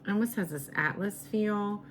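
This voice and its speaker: A woman reading tarot cards in a slow, musing way, her voice going raspy as she loses it. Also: mid-range voice, slight background noise. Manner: slow, musing, repeats herself. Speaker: tarot reader.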